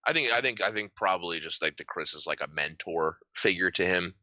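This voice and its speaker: Bright-voiced young man, lively storyteller. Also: sits low, brisk, no echo, highs cut off. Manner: animated storyteller, acts out quotes in voices. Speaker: podcast co-host. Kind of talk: casual chat.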